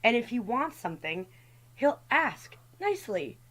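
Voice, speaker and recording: A woman's voice: fairly high pitch, sing-song, a little slow, fairly bright tone, low-quality recording. A woman hosting a storytime rant as a voice-over, talking in an exasperated way and mimicking the people in her stories. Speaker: storytime host.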